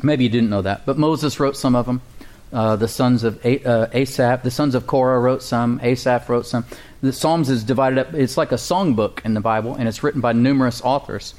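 A man's voice: mid-range voice, a little fast, a little mellow. A man preaching a sermon to a congregation in a conversational style, asking for amens and chuckling between points. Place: church congregation.

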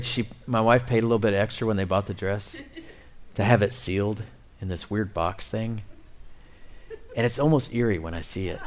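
A middle-aged man preaching a sermon, swinging between loud, excited appeals and quiet, near-whispered asides. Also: fairly low pitch. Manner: animated preaching, rising and dropping to near whispers. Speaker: pastor.

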